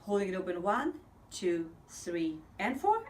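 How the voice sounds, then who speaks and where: A woman's voice: fairly low pitch, big pitch swings, a little slow, slight background noise. A woman vocal coach leading a breathing lesson, counting steadily and speaking in an upbeat, encouraging way.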